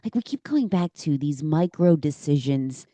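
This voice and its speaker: A woman's voice: sits low, animated, moderate pace, warm tone, no room sound. A woman hosting a podcast, chatting casually and encouraging her guest, often calling her "girl". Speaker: podcast host. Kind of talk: casual conversational interview.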